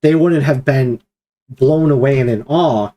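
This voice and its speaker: A man's voice: mid-range voice, a little slow, mellow. A man leading a streamed Bible study discussion, explaining at length and acting out quoted commands with emphasis.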